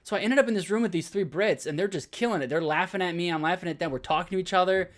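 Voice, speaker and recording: A man co-hosting a gaming podcast, talking in casual, excited, rambling bursts. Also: sits high, racing. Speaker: podcast co-host. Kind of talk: casual chat.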